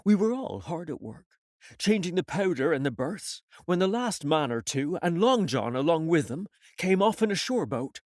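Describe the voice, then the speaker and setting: Lively male audiobook narrator. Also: a little high, dry recording, clean studio sound. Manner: measured storytelling reading. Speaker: audiobook reader.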